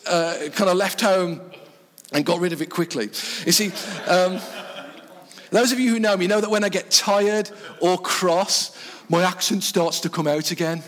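A man from the English Midlands preaches to a church crowd in a chatty, self-mocking way, laughing often. His voice sits high for a man. Long reverb from the church hall trails every phrase. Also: unhurried, fairly bright tone. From Black Country, English Midlands. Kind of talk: sermon.

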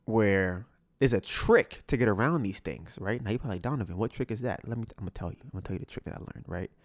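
A man's voice: fairly low pitch, fast talker, no room sound. Young guy on a podcast ranting about a phone call, lots of slang, voice jumps all over, dead dry room. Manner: animated, acts out both sides of a phone call; slangy, exasperated storytelling. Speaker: podcast host. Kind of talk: casual storytelling chat.

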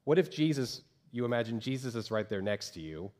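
A man preaching a sermon as pastor from a church stage, talking conversationally and acting out quoted voices with lively jumps. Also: medium pitch, fairly quick.

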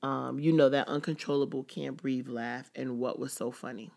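A woman's voice: very deep voice, steady tone, normal speed, vocal fry, a little mellow. A woman hosting a casual personal podcast, talking candidly and rambling with many "like"s. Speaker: podcast host.

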